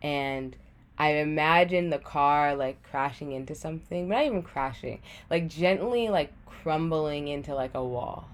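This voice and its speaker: A woman's voice: low voice, unhurried, slight background noise. A young adult woman telling a personal story in a casual, chatty way, with lots of "like" as she talks. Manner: chatty, heavy use of "like", acts out her own past thoughts. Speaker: podcast guest sharing a personal story.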